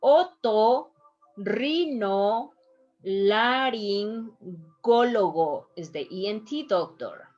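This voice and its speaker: A woman teaching a recorded online lesson, enunciating words slowly and deliberately. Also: mid-range voice, lively intonation, faint music behind. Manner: slow, careful delivery, stretches out example words; clear, deliberate enunciation of each syllable. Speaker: Spanish teacher. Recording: dull lo-fi recording.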